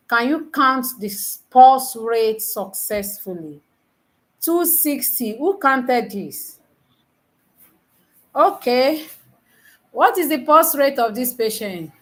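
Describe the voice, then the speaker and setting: A woman tutoring nurses in a live online lesson, teasing her students and quizzing them with repeated questions, counting aloud slowly. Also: on the high side. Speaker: nursing exam tutor.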